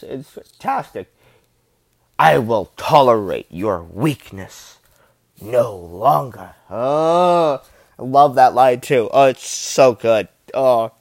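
A man's voice: mid-range voice, darkish tone, no room sound. A man rambling in casual, enthusiastic fan commentary, gushing and swearing freely.

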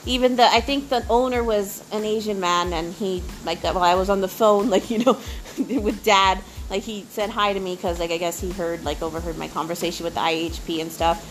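A woman's voice: medium pitch, steady tone, a little fast. A young woman telling a rambling story to the camera, full of fillers and frequent giggles. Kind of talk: casual storytelling.

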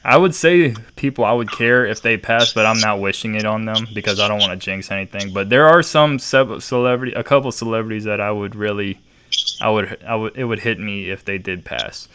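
A man co-hosting a casual podcast chat, relaxed and laughing often. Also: lowish voice, a little fast, slight background noise. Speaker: podcast co-host.

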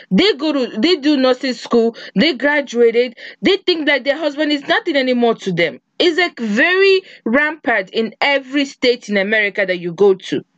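A woman's voice: on the high side, no room sound. A woman giving a casual commentary monologue, emphatic and full of rhetorical questions. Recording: dull lo-fi sound.

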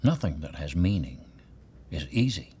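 An older father in a film scene, speaking slowly and gravely as he gives his grown son advice. His voice sits extremely low and deep, with a faint hum of noise behind it. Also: very animated, mellow. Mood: earnest. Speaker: film actor. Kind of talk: film dialogue.

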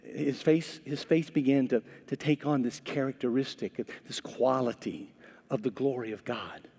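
A middle-aged man preaching a sermon as pastor, talking conversationally with many repeated words and bursts of animated emphasis. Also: mid-range voice, normal speed, slightly rough. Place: church. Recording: long hall reverb.

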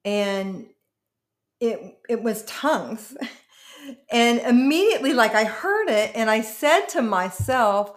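A woman pastor telling her personal testimony in an interview, earnest and emotional, often halting and restarting. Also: a little high, expressive, roomy sound.

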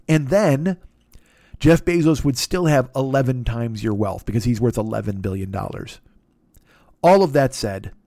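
A man's voice: medium pitch, a little mellow, dry recording, studio quality. A middle-aged man hosting a comedy podcast, ranting casually in a sarcastic, profane and rambling way.

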